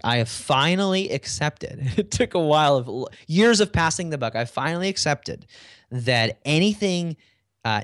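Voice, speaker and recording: A man's voice: mid-range voice, fairly bright tone, dry recording, studio quality. A man in a casual interview, telling work stories in a conversational way with frequent fillers. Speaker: guest.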